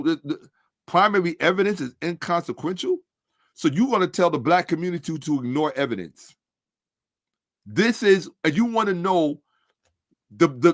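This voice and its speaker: Combative man, slightly high, dry sound. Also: dry recording. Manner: combative, sarcastic, repeats points for emphasis. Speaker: commentator. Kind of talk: monologue reacting to on-screen comments.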